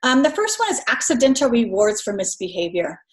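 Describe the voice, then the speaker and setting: A woman with a fairly high voice teaches in a relaxed, conversational way. She slips into quick voices for parents and children as she explains. The sound is roomy and echoey. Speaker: instructor. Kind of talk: recorded lecture.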